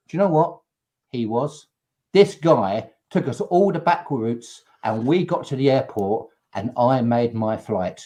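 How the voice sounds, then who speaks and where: An English man hosting a live chat show, telling an animated story and acting out the people in it. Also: mid-range voice, a little slow. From England. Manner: animated, acts out quotes. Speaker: host.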